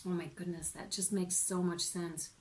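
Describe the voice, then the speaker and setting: An excitable woman giving a casual tarot reading, talking straight to her viewers, swearing now and then and laughing often. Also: lowish voice, moderate pace, background noise. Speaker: tarot reader.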